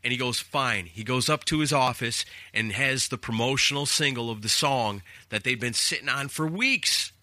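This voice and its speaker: A man hosting a casual talk show, telling animated stories from his radio days and acting out callers and bosses. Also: mid-range voice, normal speed, hardly any pauses, no room sound. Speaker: radio host. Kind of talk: casual storytelling.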